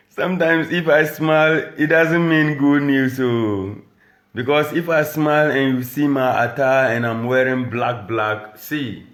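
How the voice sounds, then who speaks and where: Ghanaian man, rapper doing a diss to camera at home, unhurried and mocking, roomy sound. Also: mid-range voice, a bit bright. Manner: boastful, taunting, mixing English with Dagbani. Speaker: rapper and radio presenter.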